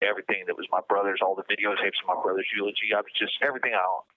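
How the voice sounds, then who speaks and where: Guy on a tinny phone line, lowish voice, kinda halting, keeps repeating himself. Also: little pitch movement. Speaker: guest. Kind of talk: recorded phone interview.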